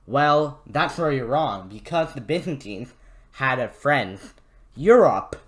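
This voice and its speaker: A man's voice: medium pitch, lively intonation, slow pace. Casual guy doing a history vid, swears a lot, rambly and jokey. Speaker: history channel host. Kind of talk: casual history video narration.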